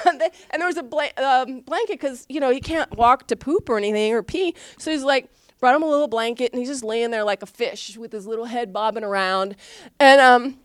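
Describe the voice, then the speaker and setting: A woman giving a personal testimony at a church service, a chatty and animated storyteller who laughs often and fills her speech with restarts. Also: high-pitched, no echo, clean studio sound. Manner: chatty, many fillers and restarts. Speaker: church speaker sharing a testimony.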